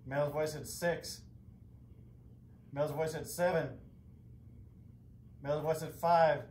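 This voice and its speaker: A man doing a voice-over that reads out spirit box words in a flat, matter-of-fact, terse way. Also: fairly high pitch, slow pace, echoey room, slight background noise. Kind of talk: flat announcing of captions.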